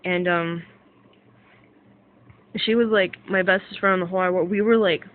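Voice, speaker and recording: A woman's voice: lowish voice, normal speed. Young woman, vlog rant, rambling, swears a lot, thin phone-quality audio. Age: young adult. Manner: rambling, filler-heavy, swears a lot, excitable. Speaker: vlogger. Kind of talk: casual rant to camera. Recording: tinny phone-like sound.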